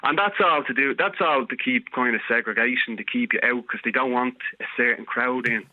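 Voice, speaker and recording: A man's voice: mid-range voice, a little fast, no room sound. A man with a broad Dublin working-class accent argues his point over a thin, tinny phone line. He keeps pressing and cutting back in, repeating himself to hold the floor, and the sound is dry and close. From Ireland. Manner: insistent, talks over the host, repeats phrases. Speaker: radio caller. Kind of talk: heated phone-in argument.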